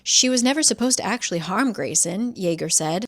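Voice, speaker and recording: A woman's voice: medium pitch, moderate pace. A woman casually recapping a novel's plot, chatty and swearing as she voices its characters. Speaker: book reviewer.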